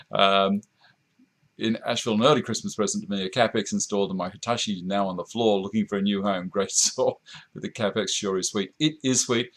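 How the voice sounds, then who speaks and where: A man's voice: lowish voice, steady tone, a little fast, a bit bright. An Australian man hosting a woodworking live stream, chatting casually, reading out viewer comments and chuckling often, recorded on a camera mic in a home workshop. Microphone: camera mic at a short distance.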